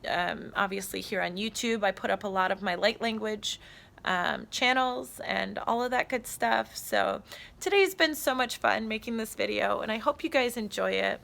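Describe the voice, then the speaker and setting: A woman's voice: on the high side, gravelly, pushed and bright. A woman recording a casual spiritual vlog on her phone out on a trail, speaking in an earnest, heartfelt way. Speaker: spiritual channeler. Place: outdoors on a trail.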